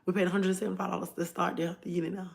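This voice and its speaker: A woman's voice: on the low side, flat delivery, very fast, creaky. A woman chatting casually on a phone livestream, rambling and talking straight to her viewers. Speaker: livestream host.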